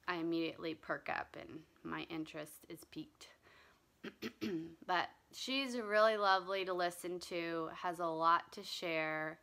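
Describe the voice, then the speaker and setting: Woman vlogger rambling about her stitching, slow and easy, lowish bright voice, lots of ums. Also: creaky. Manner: chatty, rambling, many ums and restarts. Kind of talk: casual chat.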